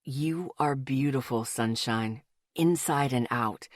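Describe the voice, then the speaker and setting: A woman voicing an earnest, protective teenage boyfriend in an audiobook, speaking low, soft and intimate. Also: normal speed, no echo, clean studio sound. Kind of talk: audiobook character voice.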